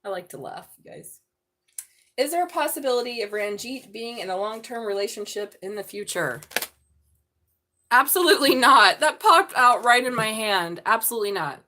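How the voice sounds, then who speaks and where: A woman's voice: mid-range voice, expressive, moderate pace, bright, forceful tone. A middle-aged woman giving a live-stream tarot reading, blunt and profane, joking and laughing often. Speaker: tarot reader.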